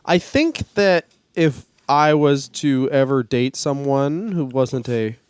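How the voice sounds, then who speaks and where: Laid-back man with a smooth voice. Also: medium pitch, takes it slowly, darkish tone, no echo. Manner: laid-back, storytelling, swears casually. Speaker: podcast co-host. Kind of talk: casual comedic chat.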